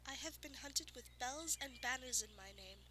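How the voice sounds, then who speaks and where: A woman reading aloud and voicing a proud, lonely female unicorn with a regal, musing manner that turns shrill when insulted. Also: animated, moderate pace, sharp tone, a little hiss or hum, low-quality recording.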